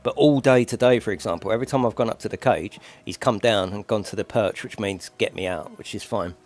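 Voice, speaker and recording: Speaking at a brisk clip in a slightly mellow voice, this man is a gaming YouTuber chatting casually into a desk mic during a live stream at home. He rambles on and slips into a high cooing tone whenever he addresses his pet bird.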